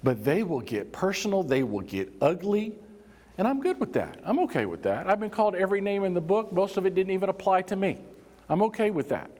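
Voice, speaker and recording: A man's voice: sits high, big pitch swings, a little fast, darkish tone. Man training a workshop in a reverberant hall. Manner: conversational, engages audience with prompts and acted examples. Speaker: workplace safety trainer. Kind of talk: live training workshop talk.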